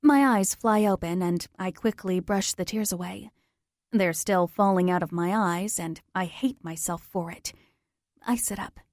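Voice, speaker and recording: A woman reading a first-person romance audiobook at an unhurried, slow pace. Her voice sits mid-range and intimate, recorded close and dry. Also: mid-range voice, a little mellow, no echo. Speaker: audiobook narrator.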